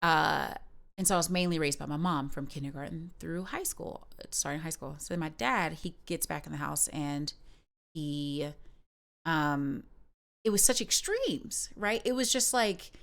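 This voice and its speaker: A woman's voice: low-pitched, animated, measured pace, gravelly, fairly bright tone. A woman streamer talking in a rambling, candid way, with many fillers and restarts. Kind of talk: casual personal chat on a livestream.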